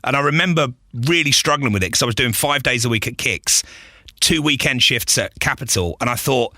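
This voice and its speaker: A man's voice: medium pitch, fairly quick, sharp tone, no room sound, studio quality. A man, a radio presenter, telling stories in a casual interview, acting out quotes and laughing often. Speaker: radio presenter, podcast guest.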